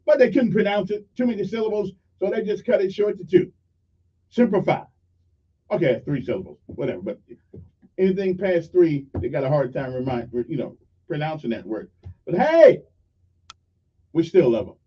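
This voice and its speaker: High-voiced rambling radio host. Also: male voice, big pitch swings, moderate pace, long pauses, slightly rough. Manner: rambling, joking asides, folksy. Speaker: radio talk show host. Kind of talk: casual morning radio shout-outs. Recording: dull sound from a distance.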